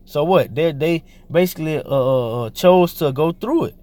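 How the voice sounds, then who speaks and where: A man's voice: a little high, moderate pace, warm tone. A man teaching scripture, reading verses aloud and then commenting in loose, slangy asides with fillers and repeated words. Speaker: preacher.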